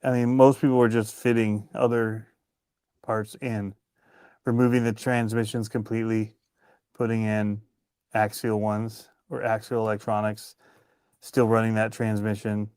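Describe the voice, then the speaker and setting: Relaxed man chatting on a stream. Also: fairly low pitch, a little slow, clear, resonant tone, no echo, clean studio sound. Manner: relaxed, laughs at himself. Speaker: co-host of a hobby talk stream. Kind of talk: casual chat.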